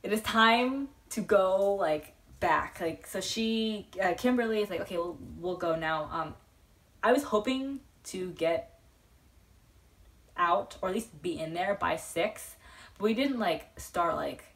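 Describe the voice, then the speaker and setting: A woman's voice: mid-range voice, unhurried. Rambling young woman vlogger, slightly distant. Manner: rambling, filler-heavy, excitable. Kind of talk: casual storytelling. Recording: voice a bit far from the mic.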